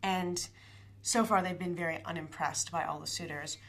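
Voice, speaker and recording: A young woman casually retelling a play's plot in a chatty way, full of fillers and quick paraphrased quotes. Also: lowish voice, fairly even intonation, a bit bright. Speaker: storyteller.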